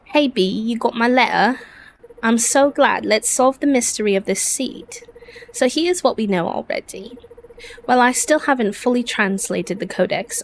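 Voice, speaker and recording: A woman voicing an earnest young female villager in a deliberately bad English accent, reading the lines playfully. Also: on the high side, vocal fry, a little hiss or hum. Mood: hopeful. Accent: put-on bad English accent.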